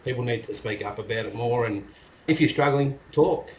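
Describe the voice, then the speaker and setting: A man's voice: medium pitch, moderate pace. A middle-aged Australian man, a carpenter and business owner, talking frankly and casually as an interview guest. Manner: blokey, frank, acts out what people say in a gruff voice. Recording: echoey room with faint noise.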